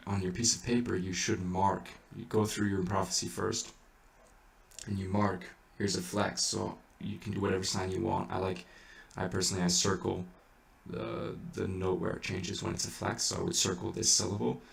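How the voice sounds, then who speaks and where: A man's voice: low-pitched, level tone, normal speed, creaky. A man teaching how to chant, patiently explaining each step in a casual way. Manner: patient, explains in small steps. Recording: echoey room, distant mic, faint ambience.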